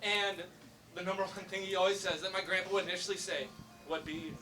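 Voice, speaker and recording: A man's voice: high voice, fairly even intonation, fairly quick, soft background music. A young man giving a humorous introduction speech for his father, telling a story with many fillers. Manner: storytelling, joking, hesitant fillers. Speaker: son introducing the speaker. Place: election night event room. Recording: distant mic with loud crowd.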